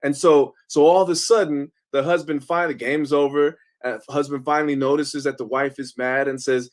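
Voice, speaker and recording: A male professor lectures in an emphatic, conversational way, often pausing to check in with his listeners. His voice sits a bit higher than most men's. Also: steady tone. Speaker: professor giving a talk.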